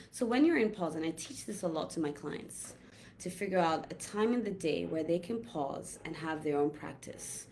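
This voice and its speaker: Gentle, reflective woman coach, lowish voice. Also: a little hiss or hum. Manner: gentle, reflective, drawn-out pauses. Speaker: holistic health coach. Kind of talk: casual inspirational talk.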